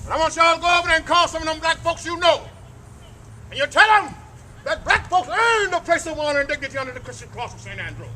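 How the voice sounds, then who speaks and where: A man gives a fiery speech outdoors, his voice unusually high and ringing bright. He works the crowd like a preacher, calling for amens between points. A faint hum of outdoor noise sits under him. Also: expressive, fast. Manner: preacher-like call and response. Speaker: speaker at a flag ceremony. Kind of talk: impassioned public speech. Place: outdoors at a cemetery ceremony.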